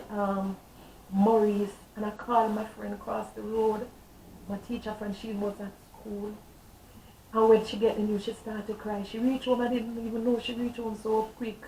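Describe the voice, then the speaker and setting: A woman's voice: a little high, mellow, slight background noise. A middle-aged woman, a guest on a talk show telling her testimony with fervent, emotional storytelling. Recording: roomy echo, distant mic, faint ambience.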